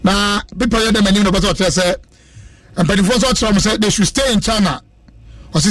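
A man's voice: sits high, brisk, a bit bright, no echo, studio quality. A man hosting a casual radio chat, joking and preaching in turn and switching languages as he talks.

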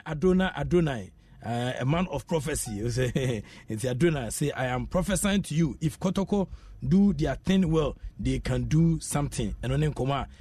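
A man's voice: on the high side, darkish tone, dry recording. A man with a Ghanaian accent hosting a radio sports show, reading out listener messages in a chatty way and dropping in local phrases. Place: radio studio.

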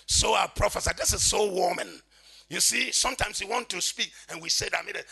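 A man preaching an impassioned sermon, swinging between quiet reading and shouting. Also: high-pitched, brisk, gravelly, slight background noise.

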